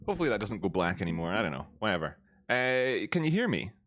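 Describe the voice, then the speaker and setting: A man's voice: on the low side, sing-song, fast talker, a bit bright, dry recording, studio quality. Man chatting on a live stream. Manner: chatty, greets viewers, laughs often. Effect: voice changer. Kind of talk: casual live-stream chat.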